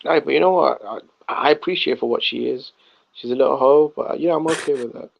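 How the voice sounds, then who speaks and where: A man's voice: medium pitch, a little fast, gravelly, dull audio, a little hiss or hum. A man in casual chat, easygoing and agreeable, asking his co-host questions. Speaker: podcast co-host.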